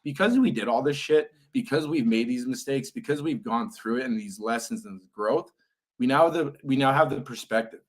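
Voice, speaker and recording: A man's voice: medium pitch, animated, normal speed. A young man co-hosting a casual podcast, blunt and emphatic, swearing constantly as he lectures with motivational drive. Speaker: podcast co-host.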